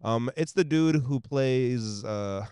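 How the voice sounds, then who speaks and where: A man co-hosting a podcast in casual chat, telling stories in a profane, animated way into a close podcast mic. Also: mid-range voice, slow pace, smooth. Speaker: podcast co-host.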